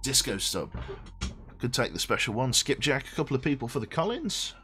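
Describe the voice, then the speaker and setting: A man's voice: medium pitch, big pitch swings, brisk, sharp tone, faint music behind. A man streaming a game in a rambling, chatty way, reading game text aloud and swearing offhand. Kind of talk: casual live game commentary.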